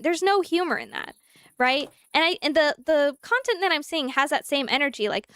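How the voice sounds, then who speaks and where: Young woman streamer, bright high pitch, dry close mic, casual animated live chat. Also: moderate pace, no room sound. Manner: animated, talks through examples, answers chat.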